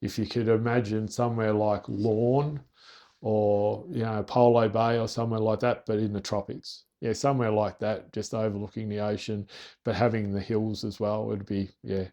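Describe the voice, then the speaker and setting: A man's voice: lowish voice, flat delivery, moderate pace, dark tone. An Australian farmer, a man, telling rambling stories in a casual podcast chat and dropping in local slang. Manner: rambling, with restarts and Aussie slang. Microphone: sitting face to face with the host.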